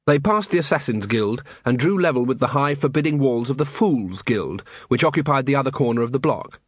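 A man narrating an audiobook in a measured, wry manner. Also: medium pitch, animated, breathy edge, no echo. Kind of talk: scripted narration.

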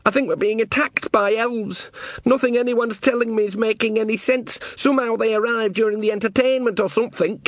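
A man's voice: high voice, steady tone, brisk, no echo, pitched above the performer's own voice, close to an everyday voice. A man voicing an anxious young male guard, near tears and pleading with his mother. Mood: upset. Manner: pleading, breathless, repeats "Mum".

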